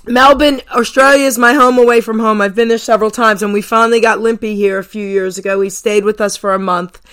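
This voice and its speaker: A woman's voice: a little high, fast talker, smooth. A woman hosting a radio show from New Jersey, chatting casually with guests and listeners. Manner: chatty and animated.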